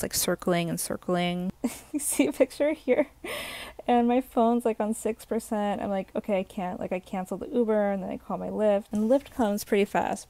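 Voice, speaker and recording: A young woman tells a casual, rambling story, packed with fillers and exasperated asides. Her voice is mellow with a gravelly fry, and the sound is dry and close. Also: mid-range voice, dry recording. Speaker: vlogger. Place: hotel room.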